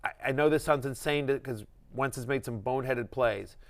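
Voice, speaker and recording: A middle-aged man hosting a fantasy football show, talking in an excitable, rambling way with many restarts. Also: mid-range voice, fairly quick. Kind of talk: casual sports chat.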